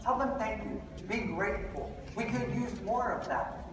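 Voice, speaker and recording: Man, motivational speaker, lively comic storyteller, heard from afar in a big echoing hall with an audience. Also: sits high, normal speed, noisy background. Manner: humorous animated storytelling. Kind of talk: live motivational talk. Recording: echoey hall mic from far off with crowd.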